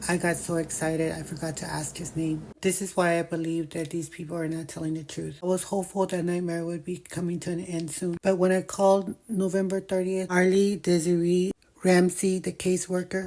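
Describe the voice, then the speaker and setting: An older woman giving a personal account of her dealings with officials, in a flat and insistent way. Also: lowish voice, a little hiss or hum, rough recording. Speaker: grandmother recounting a complaint. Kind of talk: personal account read aloud.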